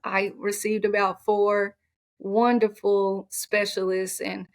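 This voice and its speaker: A woman's voice: medium pitch, level tone, slow pace. Woman coach sharing her story on a podcast, candid and heartfelt, mid-range voice. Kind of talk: personal storytelling in an interview.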